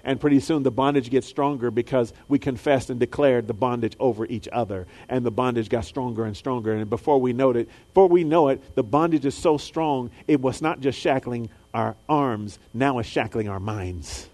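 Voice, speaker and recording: A man preaching a sermon, dropping low and soft, then rising high and loud, and acting out the voices of people in his stories. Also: moderate pace, few pauses. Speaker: pastor.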